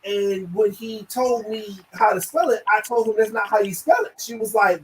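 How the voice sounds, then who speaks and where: Animated man telling stories, distant mic. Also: sits high, moderate pace, hardly any pauses, a little hiss or hum. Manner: animated, laughs often, acts out quotes. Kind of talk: casual storytelling chat.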